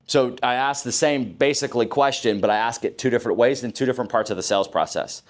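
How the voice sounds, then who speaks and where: A man's voice: medium pitch, expressive, a little fast, hardly any pauses. A man running a live sales training session, coaching his team, asking the room questions and acting out lines he would say to customers.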